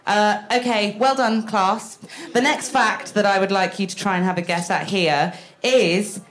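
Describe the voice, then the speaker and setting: A woman's voice: medium pitch, fairly even intonation, a little slow. A woman co-hosting a live podcast, joking and self-mocking as she playfully presents facts. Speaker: podcast co-host. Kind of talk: casual live podcast chat. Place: live event in a shop.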